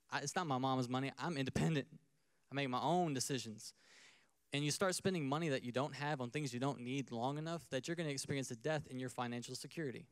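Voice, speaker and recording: An American pastor preaches a sermon in a conversational style, acting out small scenes and putting questions to the crowd. His voice is medium-pitched and the recording is dry.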